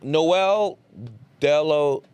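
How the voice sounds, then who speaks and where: Un hombre joven que presenta un pódcast de comedia con charla informal, animado, con jerga y risas frecuentes. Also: male voice, on the high side, very slow, darkish tone, clean tone. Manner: upbeat, laughs often, loose slangy delivery. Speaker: podcast host. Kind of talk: casual comedy podcast chat.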